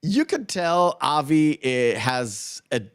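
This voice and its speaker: A man's voice: a little high, very animated, slow, clean tone, no echo, clean studio sound. A man co-hosting a casual movie podcast, recapping scenes in a rambling way with lots of fillers. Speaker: podcast co-host.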